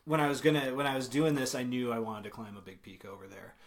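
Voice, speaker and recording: A man's voice: medium pitch, quick pace. A young man as a podcast guest, telling a travel story in a casual, rambling way, full of ums, self-corrections and small chuckles. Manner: chuckles while telling stories.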